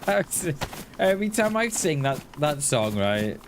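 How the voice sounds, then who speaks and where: A man's voice: mid-range voice, big pitch swings, slow, pauses often, noisy background. A man chatting casually on a live gaming stream, rambling and laughing at himself.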